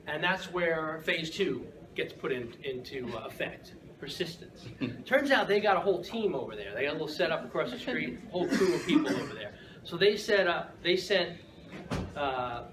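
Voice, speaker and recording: Man, humorous storytelling speech, chuckles and asks "right?", distant mic, background noise. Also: on the high side. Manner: lively, keeps asking "right?", chuckles through the story. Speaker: Toastmasters speaker. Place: room with an audience. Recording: echoey room from far off, noisy.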